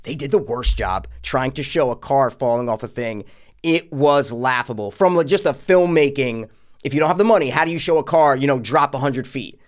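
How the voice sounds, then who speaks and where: A man's voice: mid-range voice, normal speed. A man co-hosting a podcast, ranting casually and profanely about a horror film, with mocking impressions of the characters. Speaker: podcast co-host. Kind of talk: casual film review rant.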